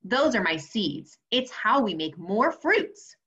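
A woman voicing an indignant young male tomato who insists, in a high pleading voice, that he is a fruit. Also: sing-song, slow pace, fairly bright tone. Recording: slightly dull lo-fi audio.

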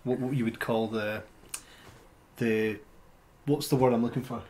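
A man co-hosting a podcast, pausing and searching for his words. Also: mid-range voice, steady tone, a little mellow, a little hiss or hum. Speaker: podcast co-host. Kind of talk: casual podcast chat.

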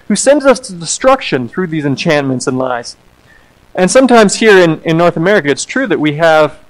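A man, an associate pastor, preaching a sermon in an animated way, acting out quoted voices and repeating words as he goes. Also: sits high, poor audio.

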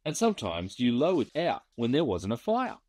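A man's voice: mid-range voice, wildly swooping pitch, normal speed, darkish tone, no echo. A man doing a teasing, curious bush mate. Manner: prodding questions.

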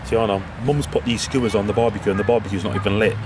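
A man's voice: on the low side, fairly even intonation, rapid-fire, noisy background. A man filming a casual family vlog outdoors at a caravan park, teasing and laughing a lot. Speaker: vlogger, dad.

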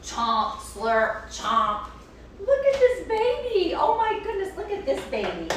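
High-voiced, animated woman reading to kids. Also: slow pace. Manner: animated, playful, talks to a puppet and the kids. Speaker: children's story reader and show host. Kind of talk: reading a picture book aloud to children. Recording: echoey room, distant mic, faint hiss.

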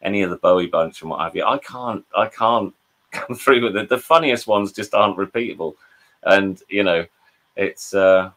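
A man's voice: deep voice, normal speed, fairly bright tone. An English man, a drummer, talking over a video call and telling rambling anecdotes with quoted voices and frequent restarts. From England. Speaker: guest, drummer. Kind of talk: casual storytelling interview.

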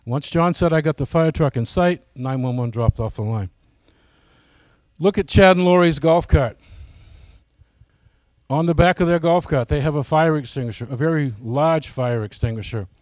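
A man's voice: fairly high pitch, moderate pace, a little mellow, no echo. A man giving a casual, folksy presentation to his flying club, often asking the audience questions.

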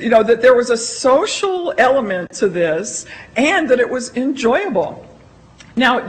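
A woman's voice: on the high side, low-quality recording. A woman library consultant giving a conference presentation in a conversational, emphatic way, often acting out quoted remarks.

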